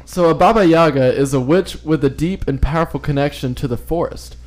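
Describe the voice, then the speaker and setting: Guy cohosting a podcast, kinda high voice, jokey and giggly, lots of ums. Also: brisk. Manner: joking, giggly, loose storytelling with fillers. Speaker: podcast co-host. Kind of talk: casual chat, reading folklore notes. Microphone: phone.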